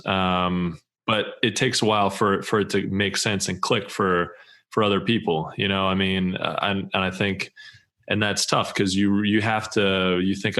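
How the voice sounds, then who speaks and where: A man co-hosting a casual podcast, speaking in a very low voice. He responds to his guest with reflective, affirming remarks and works through his thoughts out loud. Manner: reflective, affirming, thinks aloud. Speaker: podcast co-host.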